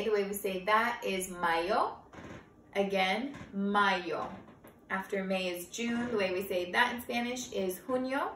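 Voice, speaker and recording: A woman teacher leading a children's calendar lesson, slow and encouraging, repeating each word for the kids to echo. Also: medium pitch, a bit bright, far from the mic, slight background noise. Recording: roomy sound from off-mic.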